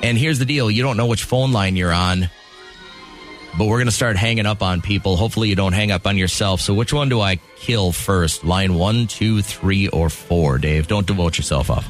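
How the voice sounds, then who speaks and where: Lower-voiced man hosting a radio show. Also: normal speed, faint music behind. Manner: upbeat, joking, chatty with callers. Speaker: radio morning show host. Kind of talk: casual radio banter, running a call-in game.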